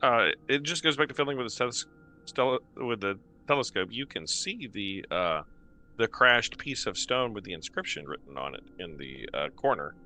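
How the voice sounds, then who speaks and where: Low-voiced guy running a tabletop game, bright cutting tone, lots of uhs. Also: animated. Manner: halting, trails off with fillers as he describes the scene. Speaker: game master.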